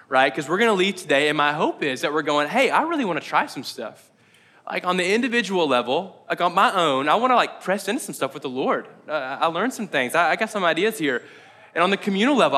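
A man's voice: on the high side, bright, forceful tone. A man giving a casual, conversational sermon as a pastor, joking and acting out imagined inner voices in a church meeting room.

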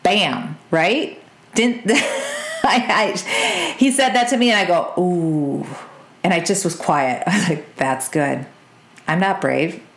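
A woman, coaching her listeners in an energetic, direct podcast talk and checking in with "okay?" and "y'all". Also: fairly low pitch, takes it slowly, roomy sound. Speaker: business coach and podcast host.

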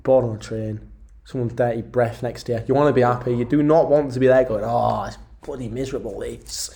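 A man's voice: medium pitch, fairly even intonation, quick pace, dark tone. A young man hosts a casual podcast interview with a mid-range voice. He rambles and jokes, tossing out playful banter. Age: young adult. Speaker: podcast host.

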